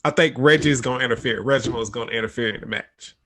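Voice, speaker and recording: A man's voice: medium pitch, fast, fairly bright tone. A man co-hosting a casual podcast, giving laid-back opinions and short agreeing replies. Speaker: podcast co-host. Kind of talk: casual chat.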